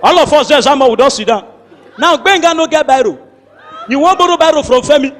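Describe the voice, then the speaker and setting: A man with a Nigerian accent doing stand-up comedy in pidgin, telling stories with animated voices and shouted sound effects. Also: extremely high pitch, a little fast, in a large hall, some chatter behind. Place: large hall before a live audience.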